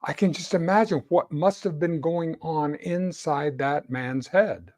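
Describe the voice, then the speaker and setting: A man co-hosting a casual political chat show, talking in halting bursts with many restarts. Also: on the high side, a little mellow. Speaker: co-host.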